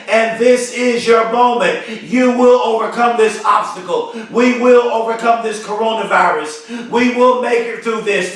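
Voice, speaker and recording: A man's voice: extremely high pitch, fairly bright tone. A man giving a motivational speech with an emphatic, fervent delivery, repeating phrases for stress. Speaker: motivational speaker. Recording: very echoey, mic far from speaker.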